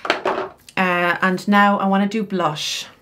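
A woman's voice: mid-range voice, flat delivery, slow, fairly bright tone. A middle-aged woman style coach talking through her makeup routine in a chatty, explanatory way, with casual asides. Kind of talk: makeup tutorial.

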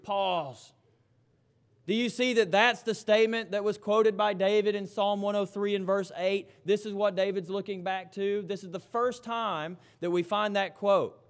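A man's voice: high voice, clear, resonant tone. A man preaching a sermon in church, reading scripture aloud and then explaining it with emphatic repetition.

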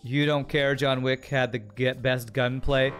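Male streamer, casual rambling game commentary, mid-pitched, faint music underneath. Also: steady tone, unhurried, smooth. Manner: chatty, rambling, thinks aloud. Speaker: streamer playing a strategy game. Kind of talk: casual gameplay commentary, reading chat.

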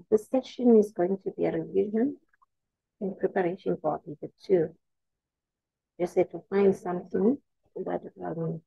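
A woman teacher introduces a revision session, measured and pausing with fillers. Her voice is low, husky and gravelly. It comes through a tinny, phone-like line. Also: no echo. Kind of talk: exam revision lesson.

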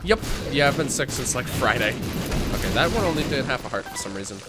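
A man's voice: medium pitch, expressive, quick pace, loud music behind the voice. A young man livestreaming a game while sick and tired, chatting casually with viewers, with frequent fillers, restarts and the odd voice crack. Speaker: gaming livestreamer.

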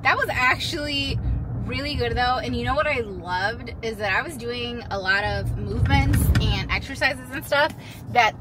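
Woman, 30s, casual vlog chat, rambling playful storytelling, slightly high pitch, faint vehicle noise. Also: normal speed. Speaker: vlogger. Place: in a car and out and about.

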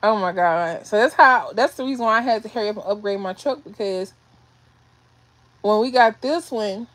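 A woman's voice: mid-range voice, quick pace, a bit bright. A woman telling a story to viewers on a livestream, emotional and shaky, rambling and repeating herself. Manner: rambling, restarts and repeats phrases. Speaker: vlogger doing a livestream. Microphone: phone or webcam on a livestream.

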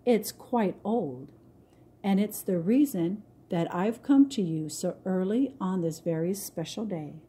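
A woman reading aloud voices a gentle, stately queen mother in a storybook, speaking in a calm, measured way. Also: mid-range voice, slightly rough.

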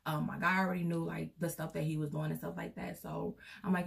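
A young woman vlogger tells a personal story casually and in a rambling way, filling the gaps with fillers. Her voice sits low, with a gravelly fry, and it sounds as if it is picked up from some distance away from the mic. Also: little pitch movement, brisk.

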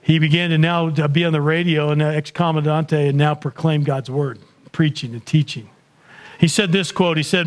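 A man's voice: fairly high pitch, steady tone, normal speed. A man giving a sermon in a church, telling a conversion story in an earnest way that builds intensity. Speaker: guest speaker.

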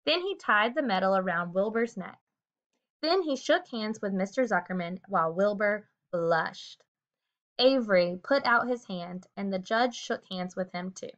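A woman narrating a children's book aloud with a steady, expressive reading. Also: medium pitch, unhurried. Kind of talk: storybook read-aloud. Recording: dull lo-fi recording.

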